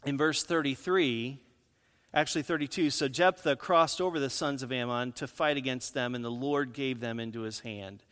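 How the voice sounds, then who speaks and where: A male pastor preaching a sermon in an animated way, his voice rising on points of emphasis, in a church sanctuary. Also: a little high, long reverb tail.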